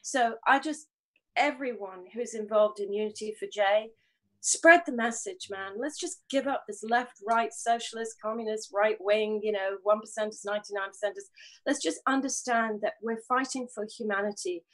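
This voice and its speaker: A woman's voice: medium pitch, moderate pace, poor audio. A woman speaking in a live online discussion, earnest and rambling, with frequent restarts and fillers. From grew up on film sets. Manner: rambling, earnest, swears and laughs it off. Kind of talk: passionate casual talk.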